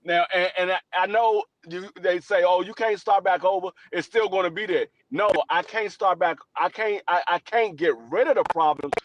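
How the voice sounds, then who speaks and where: A man's voice: sits high, normal speed, hardly any pauses, dry recording. A man on a casual podcast giving earnest, motivational advice and repeating his points. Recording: dull dry lo-fi sound.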